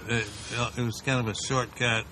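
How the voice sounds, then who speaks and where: A man in a casual podcast chat, recalling places slowly with pauses and drawn-out words. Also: medium pitch, level tone, bright, forceful tone, slight background noise. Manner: slow, drawn-out recollection with pauses.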